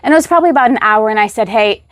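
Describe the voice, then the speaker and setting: A woman telling a personal story as a guest, animated, acting out the voices of the people in it. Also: a little high, very fast, dry recording, studio quality. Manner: animated retelling, acts out quoted voices.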